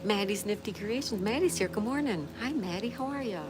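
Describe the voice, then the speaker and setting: A woman's voice: medium pitch, lively intonation, brisk, over music, low-quality recording. A woman hosting a casual livestream, reading viewer comments aloud and chatting back with a laugh. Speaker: livestream host reading chat. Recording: noticeable background noise.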